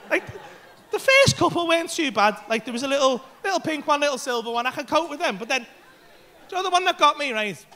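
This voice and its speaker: A man in his thirties performing a stand-up comedy set on a club stage, telling a brash, sweary story with bursts of shouting into a handheld mic. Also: very high-pitched, big pitch swings, a little fast, some chatter behind.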